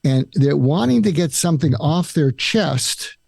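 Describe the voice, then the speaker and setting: Gravelly older man, mellow tone, patient explainer acting out sample lines, dry recording. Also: fairly high pitch, a little slow, dry recording. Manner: calm, explains step by step, acts out example lines. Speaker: psychiatrist guest. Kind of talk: advice in a podcast interview.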